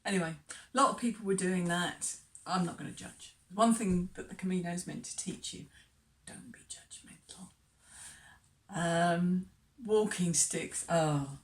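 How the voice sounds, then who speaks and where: A woman's voice: on the low side, normal speed. A woman travel vlogger talking casually to camera, hesitant with many ums and chatty asides. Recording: distant mic.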